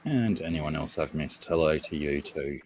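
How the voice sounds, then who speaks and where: Deep-voiced Australian man chatting. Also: moderate pace, a little mellow, slight background noise, rough recording. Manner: chatty, greets chat viewers by name. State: has a headache. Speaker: livestream host. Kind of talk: casual livestream chat.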